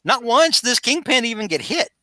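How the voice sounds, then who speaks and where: A man's voice: extremely high pitch, very animated, normal speed, sharp tone, no room sound. A man co-hosting a casual podcast chat, recapping a story animatedly with acted-out quotes and frequent restarts. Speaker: podcast co-host.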